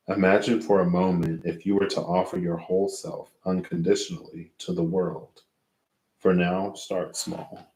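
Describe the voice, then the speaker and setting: Sleepy deep-voiced man reading tarot. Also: mellow, roomy sound. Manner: rambling, thinks aloud and loses track mid-sentence. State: sleepy, yawning. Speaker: tarot reader. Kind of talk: casual tarot reading, reading guidebook aloud.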